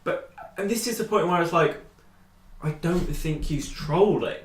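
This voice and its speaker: Rambling British podcaster, echoey and off-mic. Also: male voice, a little slow, a little hiss or hum. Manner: animated, rambling, shoots up in pitch when quoting. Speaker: podcast co-host. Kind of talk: casual chat.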